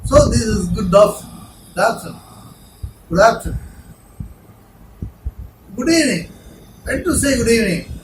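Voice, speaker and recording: A man's voice: sits high, animated, moderate pace, pauses often. A man with a Tamil accent teaching a spoken English lesson, repeating each phrase several times to drill pronunciation. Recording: echoey room, mic far off, noisy.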